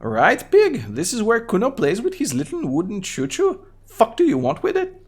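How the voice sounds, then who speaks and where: A man with a Bulgarian accent voicing a crude, belligerent street kid boy in a high, squeaky put-on voice for a game read aloud on stream. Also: wildly swooping pitch, normal speed, slightly rough, full character voice. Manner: crude, belligerent, talks about himself in third person. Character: foul-mouthed scrappy street kid boy.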